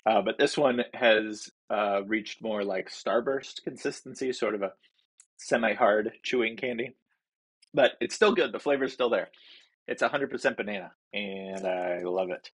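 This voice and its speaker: This is a man with a somewhat low, husky voice hosting a small food review vlog. He rambles casually and fills his talk with ums and uhs. He keeps poking gentle fun at himself as he reviews a snack. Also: moderate pace. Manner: rambling and self-deprecating, many fillers. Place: home basement.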